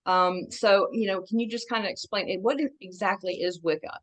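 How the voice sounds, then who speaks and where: A woman hosting a talk show, asking her guest questions in a relaxed, slightly hesitant way. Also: mid-range voice, brisk. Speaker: host. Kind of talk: interview questions.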